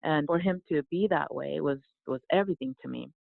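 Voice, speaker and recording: Soft-spoken woman with gravelly edge, phone line. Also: low-pitched, fairly quick, no room sound. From South Korea. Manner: soft-spoken, reflective, frequent restarts. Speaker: guest, yoga teacher. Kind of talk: conversational storytelling. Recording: dry, phone-like remote line.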